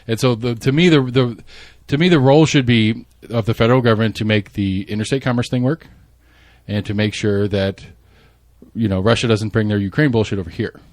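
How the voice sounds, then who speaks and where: A man hosts a podcast and talks fast, stumbling and restarting as he builds his point. His voice is middle in pitch. The sound is close and dry. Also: fairly even intonation, darkish tone, dry recording. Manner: fast, restarts often, cuts in. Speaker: podcast host. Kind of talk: casual political chat.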